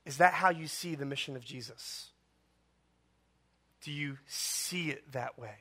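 A man preaching a sermon as pastor, impassioned and full of rhetorical questions and dramatic pauses. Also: mid-range voice, sharp tone.

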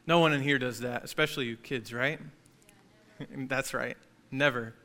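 A man's voice: medium pitch, fairly even intonation, moderate pace, sharp tone. A man preaching a sermon in a conversational way, joking now and then with his congregation. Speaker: pastor.

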